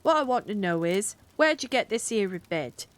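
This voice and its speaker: During a cozy bedtime read-aloud, a woman voices a blustering, stubborn middle-aged policeman whose speech is sarcastic and ungrammatical. She keeps a moderate pace and a natural, mid-range voice with big pitch swings, striking a stern tone.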